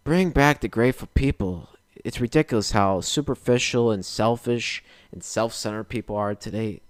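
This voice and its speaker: A man's voice: fairly low pitch, smooth, dry recording, studio quality. A young man hosting a podcast, ranting casually and with exasperation. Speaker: podcast host.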